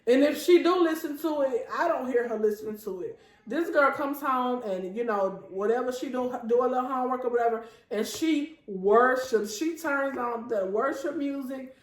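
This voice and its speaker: A woman's voice: high-pitched, normal speed, reverberant, low-quality recording. A woman, hosting a casual faith talk show and speaking heartfelt and chatty to her viewers. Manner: chatty and heartfelt, often addressing viewers as y'all. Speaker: host.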